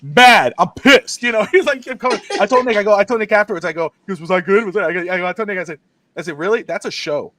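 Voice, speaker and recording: A man co-hosting a sports podcast, telling stories in quick, excitable bursts with lots of asides. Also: high-pitched, dry recording. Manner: fast, excitable storytelling with quick asides and laughs. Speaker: podcast co-host. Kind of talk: casual sports podcast chat.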